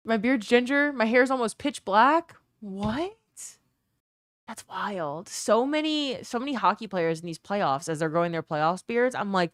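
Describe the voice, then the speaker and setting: A young woman hosting a live stream, chatting excitably with her viewers, swearing freely, and thanking them for gifts. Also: mid-range voice, normal speed, dry recording, studio quality. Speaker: livestream host. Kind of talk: casual stream chat.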